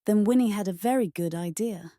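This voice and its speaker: A woman narrating a children's storybook in a gentle, measured read-aloud manner. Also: mid-range voice, dry recording, clean studio sound.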